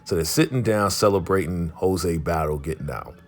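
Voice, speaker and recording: A man's voice: low voice, normal speed, soft background music. A man vlogger giving a chatty, streetwise recap of a TV episode. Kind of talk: casual recap.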